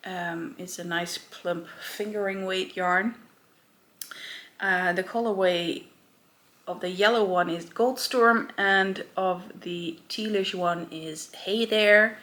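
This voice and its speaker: A woman's voice: mid-range voice, a bit bright. A woman hosting her own knitting podcast in a casual show-and-tell chat, rambling along with many filler ums and self-corrections.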